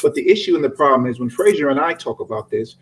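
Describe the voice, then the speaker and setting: A man's voice: mid-range voice, animated, fast talker, low-quality recording. A man co-hosting a podcast, speaking in an earnest, affirming, explanatory way in casual conversation. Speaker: podcast co-host.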